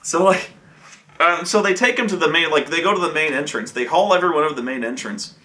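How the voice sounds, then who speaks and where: This fast-talking man has a slightly high voice that sounds bright and forceful. He's telling a casual, swear-filled story about a tabletop game he ran as game master, wandering off track, starting over, and performing lines his players said.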